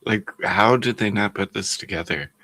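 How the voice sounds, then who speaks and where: A man's voice: lowish voice, moderate pace, pushed and bright, no echo. A man in a casual chat, speculating and asking questions about the case.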